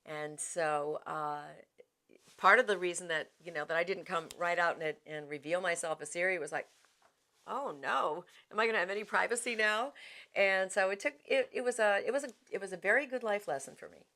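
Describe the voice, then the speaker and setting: A woman's voice: on the low side, a little fast, bright, forceful tone. A middle-aged woman voice actor answering interview questions in a chatty, self-deprecating way, often restarting her sentences.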